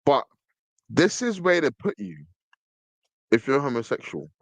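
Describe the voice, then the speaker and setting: A man's voice: mid-range voice, sing-song, measured pace, no echo. A man hosting a podcast in casual commentary, reading text from a screen and stressing his points with repeated words. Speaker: podcast host.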